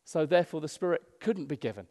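Preacher, reverberant hall. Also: male voice, a little high, quick pace. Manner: animated, swings from loud emphasis to hushed. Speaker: pastor. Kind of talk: sermon. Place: church.

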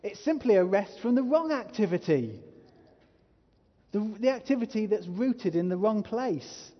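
A man's voice: high voice, big pitch swings, a little slow. A man preaching a sermon as a pastor, earnest and growing emphatic as he urges his listeners. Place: church hall. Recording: muffled hall reverb.

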